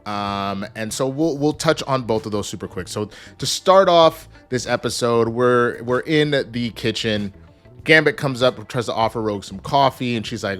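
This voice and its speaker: A man in his thirties giving an energetic, joking casual spoiler review, swearing and acting out characters. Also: medium pitch, moderate pace, soft background music. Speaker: show reviewer.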